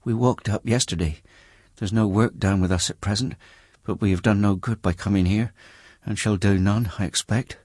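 A meek, tired working woman from a storybook, as a man puts her on, her voice lifted well above his own deep register. She answers humbly and sighs as she speaks, in a close, dry reading. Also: fairly even intonation, normal speed, a little mellow, no echo, lightly acted. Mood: weary, humble. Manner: meek, sighing, deferential. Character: poor worn-out brickmaker's wife, humble and weary.

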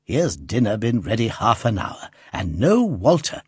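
A kindly old instrument maker, read by a man, talks in a fussy, musing way and teases with warmth. His voice is husky and moves up and down freely. The sound is dry and close. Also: fairly low pitch, very animated, unhurried, no room sound, heavily acted. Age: older. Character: good-natured old male instrument maker.

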